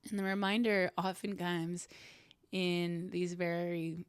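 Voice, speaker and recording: A woman's voice: fairly low pitch, flat delivery, takes it slowly, clear, resonant tone, no echo. Brief: young woman, podcast host, earnest reflective solo talk, dry close sound. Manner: earnest, warm, self-reflective, laughs softly.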